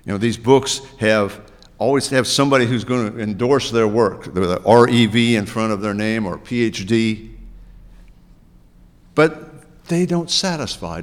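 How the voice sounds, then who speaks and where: A man preaching a sermon as a pastor, chatty, with asides and rhetorical questions to his listeners. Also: mid-range voice. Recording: long reverb of a large hall.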